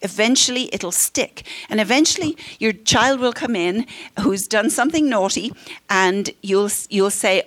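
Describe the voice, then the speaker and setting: Middle-aged woman counselor for a parenting class, friendly teaching voice, mid pitch, acts out quotes. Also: expressive, normal speed. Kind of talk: workshop talk to a live group.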